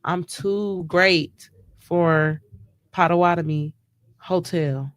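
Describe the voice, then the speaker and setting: A woman's voice: lowish voice, takes it slowly. A grieving woman talking casually in a live stream chat, emotional and rambling, often restarting her sentences. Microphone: live stream mic.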